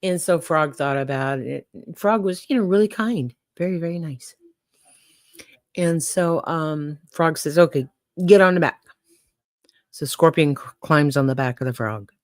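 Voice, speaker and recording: Older woman, livestream host, casual chat, folksy, lower pitch, dry mic. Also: a little slow, no room sound. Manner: folksy, chatty, talks to her chat.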